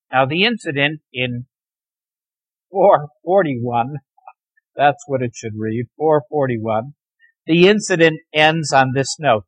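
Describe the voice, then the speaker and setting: A man lecturing a class on the Bible, telling its stories dramatically and sometimes dropping to a near hush. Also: medium pitch, animated, a little slow, husky, low-quality recording. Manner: dramatic storytelling, dropping to near hushed tones.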